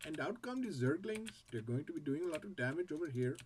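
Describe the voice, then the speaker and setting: A man voicing an adult male game caster with an Indian accent, doing brisk play-by-play commentary. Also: on the high side, animated, a little mellow, distant mic, a little hiss or hum, close to an everyday voice. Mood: excited.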